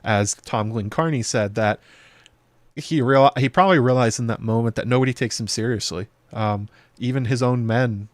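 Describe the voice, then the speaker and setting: A man hosting a video show, talking through a TV episode in loose, chatty commentary full of fillers and quick playful impressions. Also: medium pitch, dry recording. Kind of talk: casual episode breakdown commentary.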